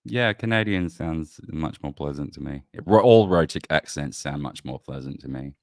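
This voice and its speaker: Host: Australian man, low voice, blunt and sweary, dry close sound. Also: lively intonation, normal speed, dry recording. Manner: blunt, swears freely, laughs often. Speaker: podcast host. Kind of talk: casual podcast chat.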